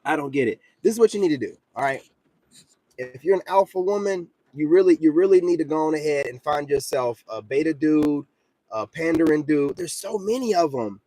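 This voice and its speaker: A man's voice: a little high, animated, fairly quick, mellow, no room sound. A man, ranting bluntly and confrontationally in casual talk, peppered with repeated filler asides. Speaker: commentator vlogger. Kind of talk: casual rant to camera.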